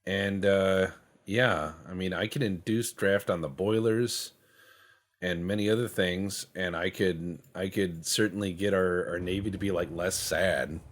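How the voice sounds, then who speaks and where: A man's voice: deep voice, fairly even intonation. A man giving rambling, joking gameplay commentary, acting out imagined conversations and muttering to himself while he works the menus. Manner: joking, acts out imagined dialogues in quick quoted voices.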